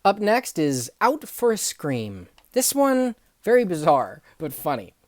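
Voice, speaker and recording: A young woman telling funny workplace stories, acting out the people in them and swinging from hushed asides to loud outbursts. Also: lowish voice, measured pace, no room sound, clean studio sound. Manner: animated, acts out dialogue, swings from hushed to yelling. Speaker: storyteller. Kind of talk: comedic storytelling vlog.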